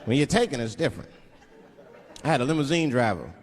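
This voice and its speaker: Speaking fast at a medium pitch, a man works through a stand-up set on a big theater stage, handheld mic in hand, spinning animated stories and jumping into sudden voice impressions. The live recording carries slight hiss or hum, hall reverb, and bursts of crowd laughter.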